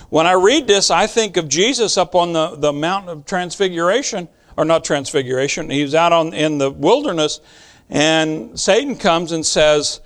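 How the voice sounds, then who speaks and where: High-voiced preacher, earnest and emphatic. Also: male voice. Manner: earnest, emphatic storytelling with sudden soft and loud swings. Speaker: pastor. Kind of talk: sermon.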